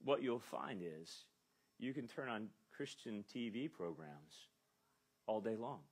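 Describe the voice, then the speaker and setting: Husky, animated man preaching. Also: fairly low pitch, takes it slowly. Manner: emphatic preaching, voicing quoted speakers. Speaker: pastor. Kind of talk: expository sermon. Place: church.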